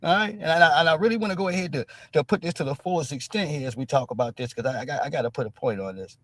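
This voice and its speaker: Talking rapid-fire in a fairly high, slightly bright voice, a live-stream host gives loose, emphatic commentary full of blunt profanity and street talk. He keeps capping his points with "all right?", and there is no room sound.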